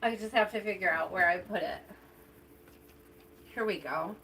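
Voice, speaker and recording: A woman's voice: mid-range voice, normal speed, bright, forceful tone, slight background noise. A woman hosting a live tarot reading stream, chatting casually and addressing viewers by name as she reads.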